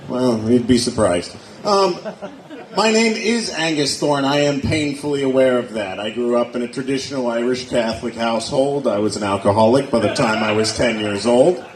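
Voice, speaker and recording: A man from Erie doing a self-deprecating stand-up set with punchy deadpan delivery and crowd work on a nightclub stage. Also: medium pitch, normal speed, a little hiss or hum. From Erie, Pennsylvania. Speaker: stand-up comedian. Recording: echoey club room.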